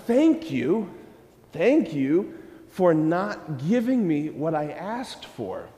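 A man giving a sermon to a church audience, animated, acting out prayers and asking listeners questions. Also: sits high, long reverb tail. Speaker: preacher.

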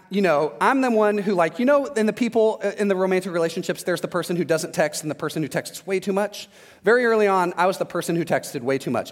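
A man preaching a sermon, telling candid stories about his own marriage with humor. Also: high-pitched. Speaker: pastor. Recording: long hall reverb.

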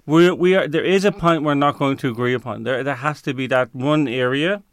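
A man answers as a guest on a talk show, recorded close to the mic with no room sound, his mid-range voice smooth and clean. He searches for words, uses frequent fillers and restarts his sentences often.

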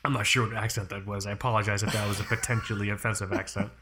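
A man's voice: lowish voice, little pitch movement, rapid-fire, noisy background. A man hosting a casual watch podcast, rambling and cursing, with a lot of "like" and "you know.". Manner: rambling and swearing, heavy use of "like" and "you know". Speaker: podcast host and Soviet watch expert.

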